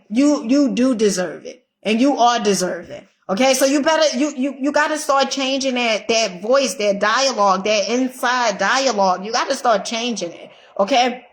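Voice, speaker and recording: A woman's voice: a little high, moderate pace, hardly any pauses. Emphatic, swearing motivational woman. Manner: emphatic, repetitive, keeps asking "okay?"; swears freely. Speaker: motivational vlogger. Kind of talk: casual motivational pep talk.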